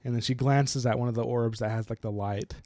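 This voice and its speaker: A man's voice: medium pitch, steady tone, brisk, mellow, no echo. A man chats through a book on a casual podcast, slipping into little quoted voices as he retells scenes. The sound is dry and close, with no room around him. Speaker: podcast co-host.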